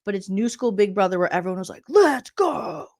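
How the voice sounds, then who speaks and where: A woman's voice: medium pitch, fairly even intonation, racing, darkish tone. A woman comedian hosting a reality-TV recap vlog, talking sarcastically and breaking into mocking impressions.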